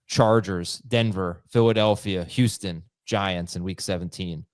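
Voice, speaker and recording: A man's voice: low-pitched, fairly even intonation, unhurried, dry recording, clean studio sound. A man hosting a fantasy football podcast, making wry jokes and steering the talk. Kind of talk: casual podcast discussion.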